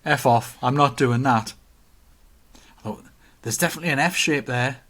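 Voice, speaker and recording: A man co-hosts a relaxed podcast, his voice sitting at an ordinary pitch. He chats and jokes easily, reading out viewer comments as he goes. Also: moderate pace. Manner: chatty, joking, reads out comments. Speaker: podcast co-host. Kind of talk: casual chat.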